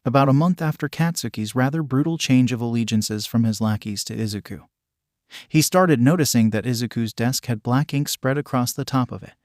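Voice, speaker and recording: A man reading fanfiction aloud in an even, flat scripted narration. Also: mid-range voice, brisk, no room sound, clean studio sound.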